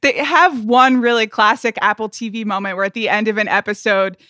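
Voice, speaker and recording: A woman co-hosting a podcast in casual pop-culture chat, wry and quick with her critiques, close to the microphone. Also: mid-range voice, steady tone, pushed and bright, no echo. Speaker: podcast co-host.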